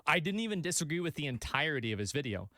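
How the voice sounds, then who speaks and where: A man's voice: on the high side, big pitch swings, rapid-fire, sharp tone, no echo, clean studio sound. Exasperated swearing male commentator. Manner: profane, exasperated. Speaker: online video reactor. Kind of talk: casual commentary.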